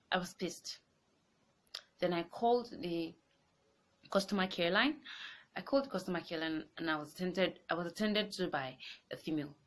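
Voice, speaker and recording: A woman, telling a personal story in an animated, exasperated way. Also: mid-range voice. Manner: animated, rising into exasperated outbursts. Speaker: vlogger. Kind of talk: casual storytelling to camera.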